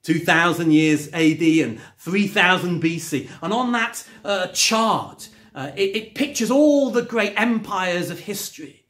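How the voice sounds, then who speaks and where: A man's voice: high voice, animated, measured pace, fairly bright tone. A man preaching a sermon from home, emphatic and rising on key words, with conversational asides. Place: at home, recorded during lockdown.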